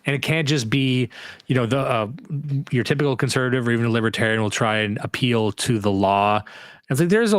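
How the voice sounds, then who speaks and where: A man's voice: mid-range voice, a little fast, no room sound, clean studio sound. A man co-hosting a podcast in loose casual chat, talking in a profane way and laughing often. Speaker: podcast co-host.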